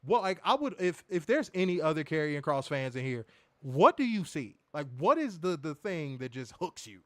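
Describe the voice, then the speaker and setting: Animated man. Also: fairly high pitch, normal speed, dry recording. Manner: animated, mocking, lively storytelling with impressions. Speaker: wrestling review show host. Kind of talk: casual profane podcast banter.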